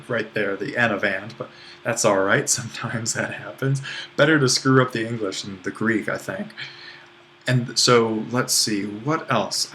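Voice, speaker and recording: A man teaching a recorded Greek grammar lesson, explaining in a relaxed way with small laughs and self-corrections. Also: lowish voice, a little hiss or hum.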